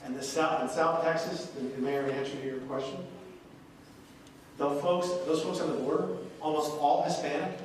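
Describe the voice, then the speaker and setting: A man with a slightly high voice works a room with a folksy, animated political speech, spinning stories and quick impressions as he goes. He is picked up from far off, so the big hall rings with long echo and a faint hiss sits under him. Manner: folksy storyteller, animated, mimics others. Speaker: congressman speaking at a town hall. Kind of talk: political stump speech with anecdotes. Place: large echoey courthouse hall. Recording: echoey hall recorded from a distance.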